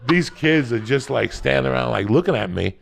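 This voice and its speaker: A man, hosting a podcast and telling a story loudly, swearing constantly and acting out every voice. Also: mid-range voice, a little fast, creaky, a little hiss or hum. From North Bergen, New Jersey. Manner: loud, animated, swears constantly, acts out every voice. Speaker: podcast host. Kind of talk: profane storytelling in casual chat.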